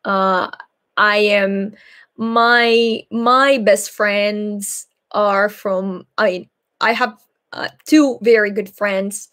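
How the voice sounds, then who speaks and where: A young woman from Greece speaks English, taking her time over each answer. She hosts a live Q&A in a thoughtful, slightly shy way, pausing often on fillers and speaking at an unhurried, slow pace. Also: medium pitch, steady tone, a bit bright. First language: Greek. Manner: hesitant, thoughtful, a little shy, many fillers. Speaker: Greek teacher and channel host.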